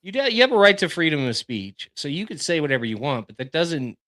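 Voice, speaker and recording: Bright-voiced, slangy male co-host. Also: a little high, very animated, quick pace, no room sound. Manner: laid-back slangy banter. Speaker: podcast co-host. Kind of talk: casual podcast chat.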